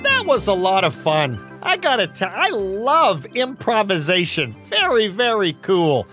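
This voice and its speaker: A man hosting a comedy show in a goofy, excitable, jittery manner. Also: high voice, a little slow, music in the background. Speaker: comedy podcast host.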